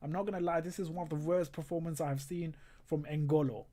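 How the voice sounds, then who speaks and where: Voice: medium pitch, fairly even intonation, a little fast, warm tone. A livestream host in casual live commentary, exasperated and sarcastic, often breaking into laughter and reading viewer comments aloud. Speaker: livestream host of a football watchalong.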